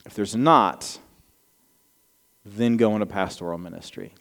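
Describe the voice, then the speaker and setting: 30s pastor guy, slight southern twang, chatty sermon stories, smooth voice, big echoey church. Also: on the low side, measured pace, fairly bright tone. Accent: slight Southern American. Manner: conversational storytelling, self-deprecating asides. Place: church sanctuary before a congregation. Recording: long reverb of a large hall.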